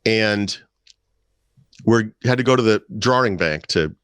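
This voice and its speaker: A middle-aged man with a fairly low voice tells wry, rambling stories in casual podcast chat. The sound is dry and close, with no room around it. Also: measured pace, a bit bright, smooth, no echo. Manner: storytelling, wry, puts on voices in anecdotes. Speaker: podcast co-host.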